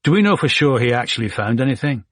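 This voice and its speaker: A man voicing a cautious male head of research in an audiobook, measured and probing. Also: medium pitch, very animated, fairly bright tone, dry recording, voice pushed up.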